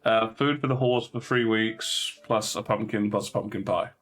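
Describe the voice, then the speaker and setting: A man's voice: on the low side, steady tone, normal speed, a bit bright. A man voicing a polite, hesitant farmer and former soldier. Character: honest middle-aged male farmer and ex-soldier.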